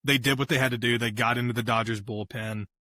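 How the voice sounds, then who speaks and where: A man's voice: mid-range voice, fairly even intonation, fast, bright, forceful tone, no echo. A man co-hosting a casual sports podcast, talking animatedly and laughing easily. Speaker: podcast co-host.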